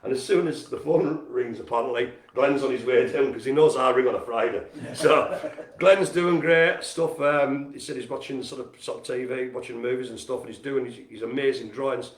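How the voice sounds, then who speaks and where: A man's voice: mid-range voice, normal speed, hardly any pauses. Chatty, jokey man hosting a live stream. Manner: chatty, jokey and self-mocking. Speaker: host of a community centre's live stream. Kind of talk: casual live-stream chat with shout-outs. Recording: roomy echo.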